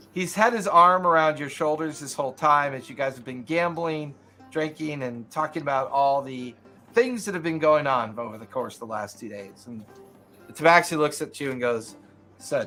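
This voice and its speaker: A man running a tabletop game, narrating loosely with restarts and laughter. His voice sits a little high, and soft music plays behind him. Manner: casual, laughing, rambling narration. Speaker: game master.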